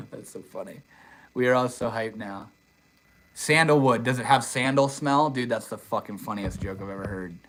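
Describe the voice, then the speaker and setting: A man's voice: medium pitch, moderate pace, a bit bright, poor audio. Casting note: young male streamer, easygoing, talks to chat, drops dude and bro, recorded on a phone. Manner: laid-back, swears casually, says dude and bro a lot. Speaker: livestream host. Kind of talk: casual livestream chat reading comments. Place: outdoors in the desert.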